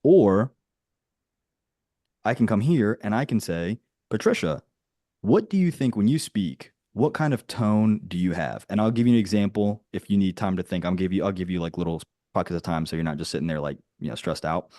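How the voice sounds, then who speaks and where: A man with a fairly low voice coaches a group in a direct, flat, dry-humored way. He rambles, restarts his sentences and checks in with "right?". The sound is close and dry, with no room around it. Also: moderate pace, no room sound. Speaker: business coach. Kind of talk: casual teaching on a group call.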